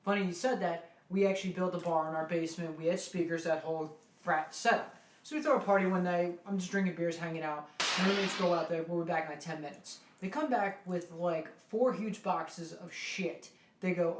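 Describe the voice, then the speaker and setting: A man's voice: high-pitched, fairly quick. A young man, a guest, telling a college party story casually, with brash and profane delivery. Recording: echoey room.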